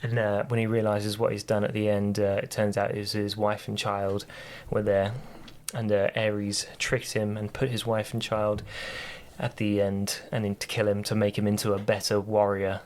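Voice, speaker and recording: A man's voice: lowish voice, monotone, moderate pace, a little mellow, slight background noise. A man on a podcast casually retelling a story, rambling with lots of fillers and restarts. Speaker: podcast co-host.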